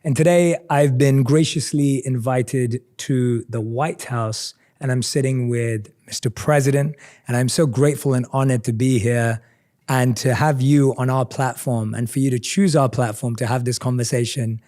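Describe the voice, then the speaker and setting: A man's voice: medium pitch, fairly even intonation, normal speed, warm tone. A man in his thirties hosting a podcast, earnest and grateful as he introduces and asks questions. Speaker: podcast host.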